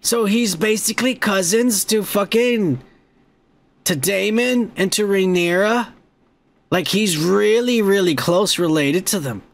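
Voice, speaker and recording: A young man hosting a podcast, rambling and swearing excitedly as he reviews a show episode. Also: high-pitched, a little slow, creaky. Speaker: podcast host. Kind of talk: casual profane show review.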